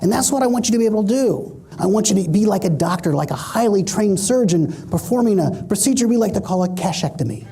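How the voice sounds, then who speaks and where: Mellow, husky-voiced man telling stories. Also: sits high, fast, hardly any pauses. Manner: animated storyteller, acts out quoted voices. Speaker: motivational speaker. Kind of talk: keynote speech with stories.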